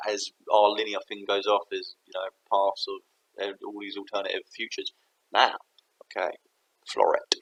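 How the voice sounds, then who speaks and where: A man's voice: lowish voice, fairly bright tone, poor audio. A man thinking aloud to camera in a rambling, self-interrupting way. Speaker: vlogger.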